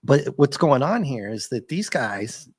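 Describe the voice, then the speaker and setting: A man with a husky, slightly rough voice talks through a comic book in relaxed, jokey conversation. His pitch swings widely as he laughs his way through the story. The recording is close and dry, with almost no room sound. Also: a little slow, no room sound. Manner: laughs often, animated and jokey. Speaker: comic book reviewer, co-host. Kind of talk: casual conversational chat.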